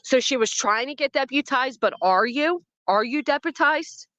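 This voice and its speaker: A woman's voice: high-pitched, animated, moderate pace, a bit bright, no echo, muffled recording. A woman hosting a livestream who reacts to a clip, greets people in the chat, and picks apart what she hears with a skeptical, argumentative tone. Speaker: commentary livestream host.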